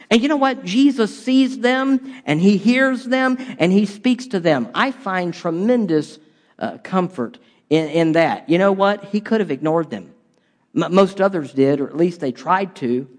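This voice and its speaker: A man's voice: high voice, expressive, normal speed, big-room sound. A man preaching a sermon in a conversational way, with repeated rhetorical questions and stumbling restarts. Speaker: pastor.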